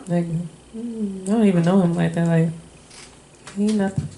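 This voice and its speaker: A woman speaking candidly about her life in a loose, rambling way. Her voice sits at a middle pitch. The room around her rings with a noticeable echo. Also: lively intonation, fairly quick, dark tone, a little hiss or hum. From Illinois. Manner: candid, emotional, rambling with fillers. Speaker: interviewee, wife. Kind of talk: casual personal storytelling. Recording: echoey room.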